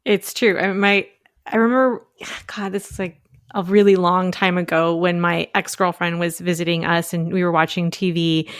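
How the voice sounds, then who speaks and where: A woman's voice: on the low side, steady tone, normal speed, smooth, dry recording, studio quality. A woman hosting a podcast interview, asking curious follow-up questions and sharing her own stories. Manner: inquisitive, asks follow-up questions. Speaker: podcast host.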